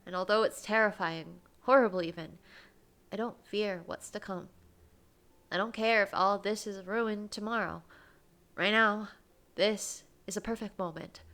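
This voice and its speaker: A woman's voice: medium pitch, a little slow, a bit bright, pitched above the performer's own voice. A woman voicing a first-person heroine, an emotional young woman in love, reading a visual novel aloud in an earnest, heartfelt way.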